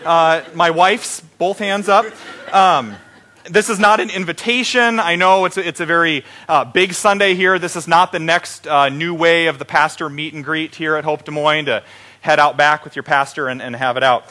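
A man's voice: fairly high pitch, steady tone, moderate pace, bright, forceful tone. A middle-aged man preaching an Easter sermon as pastor, joking and playful with his congregation.

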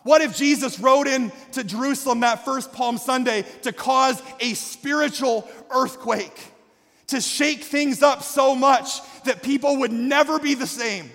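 A man with a very high voice preaching from a church stage, his words ringing out in a long reverb. He builds with fervor, often shouting and calling on the congregation to answer back. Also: a little slow. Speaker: pastor. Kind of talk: sermon. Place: church sanctuary.

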